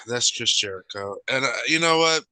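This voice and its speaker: A man co-hosting a podcast in casual chat, blunt, jokey and quick to swear. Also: mid-range voice, sharp tone, clean tone, no room sound, low-quality recording. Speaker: podcast co-host.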